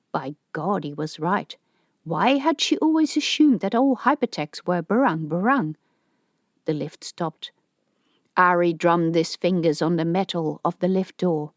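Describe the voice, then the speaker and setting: A woman's voice: fairly low pitch, a little slow, no room sound, studio quality. Woman reading an audiobook. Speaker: audiobook narrator. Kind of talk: scripted audiobook narration.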